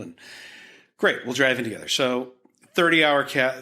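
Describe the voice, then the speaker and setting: Bright-voiced man telling stories. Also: medium pitch, normal speed. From Utah. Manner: animated anecdotes with many restarts and filler. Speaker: art historian and art dealer guest. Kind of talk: conversational storytelling.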